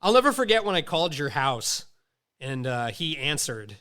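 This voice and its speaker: A man's voice: fairly high pitch, normal speed. A man in his late thirties telling stories in casual, profane chat and acting out the voices of the people in them. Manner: profane, animated, acts out quoted voices. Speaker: podcast host.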